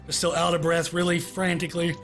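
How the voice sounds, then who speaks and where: A man narrating as game master in a tabletop game, halting, with many fillers. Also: on the high side, completely flat delivery, a bit bright, soft background music.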